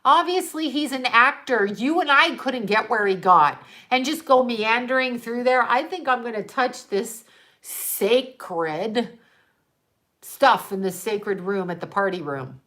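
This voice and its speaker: A woman's voice: a little high, lively intonation, a little slow, fairly bright tone. Exasperated woman ranting to her viewers. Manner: exasperated, profane, laughing in disbelief; trailing off and restarting, rhetorical questions. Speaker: livestream host talking to viewers. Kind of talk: rambling casual monologue.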